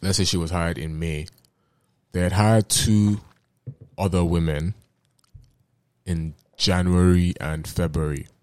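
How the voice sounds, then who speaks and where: A man's voice: low voice, fairly even intonation, takes it slowly, pauses often, a little mellow. A man hosting a casual podcast, laid-back, swearing freely and using slang. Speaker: podcast host. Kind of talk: casual chat.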